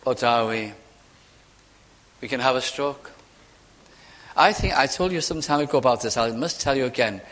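An older man with a Welsh accent preaching a sermon with fervour, dropping from ringing declarations to hushed asides. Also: medium pitch, expressive, moderate pace, pauses often. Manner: fervent, swings between loud ringing lines and hushed asides. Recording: long hall reverb.

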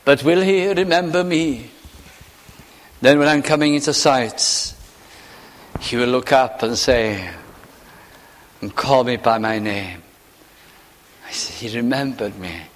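A man preaching a sermon, slow and emphatic, often dropping to hushed, falling phrases. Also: medium pitch. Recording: long hall reverb.

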